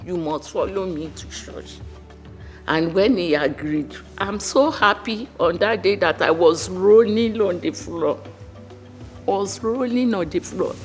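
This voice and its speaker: An older woman recalling her son in a documentary interview, speaking slowly and earnestly. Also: lowish voice. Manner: slow, earnest recollection. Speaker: mother.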